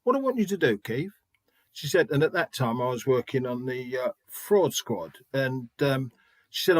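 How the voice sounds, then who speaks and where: A man's voice: mid-range voice, animated, moderate pace, no echo. A middle-aged man and spiritualist medium telling stories in an interview, chatty, restarting often and acting out quoted dialogue. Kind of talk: anecdotal interview storytelling.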